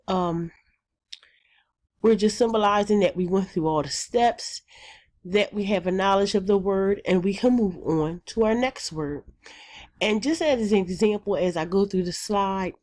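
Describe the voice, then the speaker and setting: Woman teacher walking through a phonics game. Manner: plain and methodical, with frequent ums; jumps higher and brighter when acting out chants. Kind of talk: explaining a classroom phonics routine.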